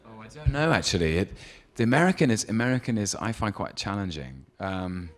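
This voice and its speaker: A man's voice: lowish voice, lively intonation, brisk. A man answering interview questions in a hesitant, thoughtful way, with frequent ums and laughs. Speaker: guest. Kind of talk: casual interview chat.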